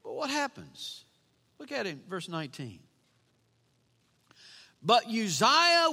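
High, bright preacher in a hall. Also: male voice. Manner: emphatic preaching, repeats lines, asks the congregation questions. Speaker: pastor. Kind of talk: sermon. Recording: long reverb of a hall.

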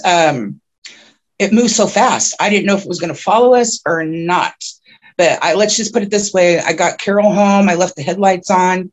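A woman guest on a podcast, telling a long personal story in a rambling way with many restarts, who gets excited at the tense parts. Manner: grows excited and high-pitched when telling the tense parts. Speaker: podcast guest, self-described oracle.

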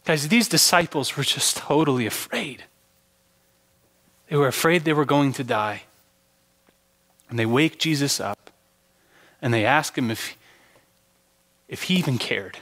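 A man's voice: medium pitch, unhurried, pauses often, fairly bright tone. A male pastor preaching a sermon with earnest, dramatic storytelling. He often repeats words as he starts his sentences. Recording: long hall reverb.

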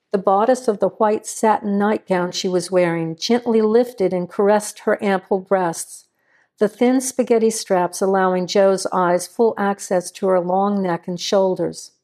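A woman narrating a crime story in an even, measured reading. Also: mid-range voice.

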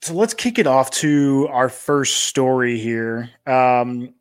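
A man co-hosting a sports technology podcast, talking in a relaxed, loose way full of fillers. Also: mid-range voice, takes it slowly, clean tone. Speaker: podcast co-host. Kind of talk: casual sports tech chat.

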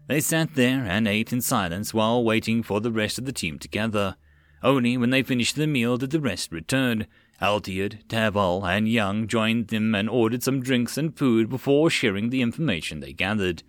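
A man's voice: on the low side, normal speed, no room sound. Man reading an audiobook, dry close mic. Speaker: audiobook narrator. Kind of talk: web novel audiobook narration.

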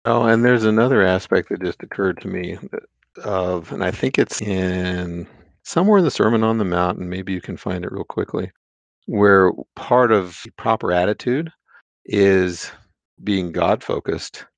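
A man co-hosting a Bible discussion, talking in a thoughtful, measured, casual way. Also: low-pitched, gravelly, no room sound. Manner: thoughtful, measured, adds points as they occur to him.

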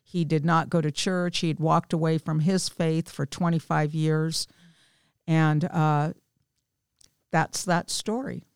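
Woman, fifties, guest storyteller: smooth, lowish, frank and wry. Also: level tone, slow, no room sound, studio quality. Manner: candid, self-deprecating storyteller. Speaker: small group leader, guest. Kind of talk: personal testimony in casual chat.

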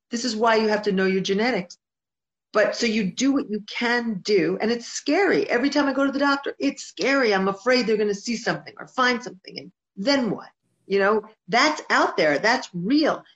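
A woman's voice: fairly high pitch, a bit bright. A woman singer-songwriter talking as an interview guest, heartfelt and emphatic, often repeating her points. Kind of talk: earnest interview talk. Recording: dull lo-fi sound.

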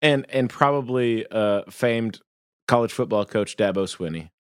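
A man's voice: mid-range voice, unhurried, smooth, dry recording, clean studio sound. A man co-hosting a podcast, reacting in an amused, laid-back way in casual comedic chat. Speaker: podcast co-host.

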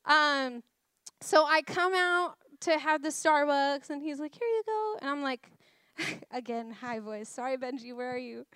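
A woman's voice: a little high, clean tone, dry recording, studio quality. A woman in her thirties giving a chatty, self-deprecating sermon full of personal stories and laughter. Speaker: guest preacher. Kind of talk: conversational sermon storytelling.

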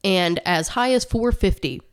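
Reading out statistics with asides, a woman co-hosting a podcast chats casually while a little short of breath. She has a medium-pitched voice, a measured pace and a clean tone.

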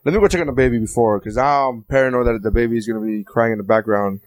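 A man's voice: medium pitch, fast, no room sound. A man chatting crudely on a podcast, rambling and swearing, laughing often. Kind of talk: crude casual chat.

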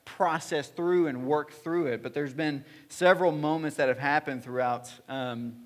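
A man's voice: on the high side, moderate pace. Earnest man preaching a personal sermon. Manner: earnest, personal, with frequent restarts and fillers. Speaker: pastor. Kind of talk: sermon storytelling. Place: church hall.

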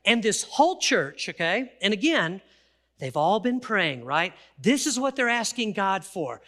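Male pastor, sermon delivery, high and bright, animated storyteller. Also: a little slow. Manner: animated storytelling, acts out quotes.

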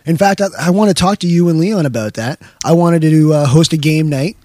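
A man's voice: fairly high pitch, a little fast, darkish tone. A man co-hosting a podcast, rambling in a laid-back, chatty way during casual banter. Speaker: podcast co-host.

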